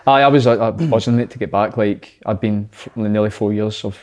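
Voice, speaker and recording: A Scottish man, a former footballer, telling stories in casual podcast chat, animated and laughing between put-on quotes. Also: lowish voice, fairly quick, a little hiss or hum.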